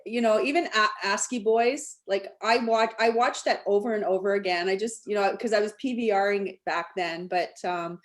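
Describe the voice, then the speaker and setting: A woman's voice: medium pitch, normal speed, few pauses. A woman hosting a Q&A over a video call, chatty and enthusiastic. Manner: chatty, enthusiastic, laughs along. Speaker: Q&A host.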